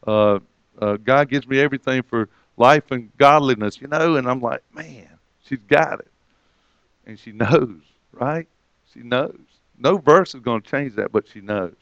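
A man's voice: medium pitch, clean tone, dry recording, muffled recording. A man preaching, retelling a conversation and quoting the other person with a lifted voice. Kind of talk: sermon storytelling.

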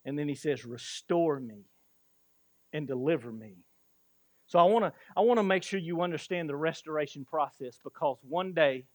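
A man preaching a sermon as pastor, impassioned, his voice rising and falling with quick bursts. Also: on the high side, no room sound, clean studio sound.

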